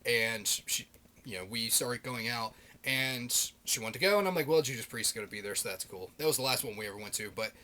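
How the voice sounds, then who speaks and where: A married man vlogging about his favorite metal albums, swearing constantly in an animated, ranting way. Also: medium pitch, a little fast. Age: adult, married. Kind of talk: casual rant.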